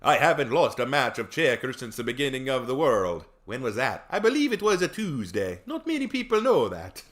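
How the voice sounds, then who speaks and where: A man voicing a parody of Death, a deadpan Swedish-accented Grim Reaper, in a bit from a cartoon. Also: medium pitch, fairly quick. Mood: deadpan boast.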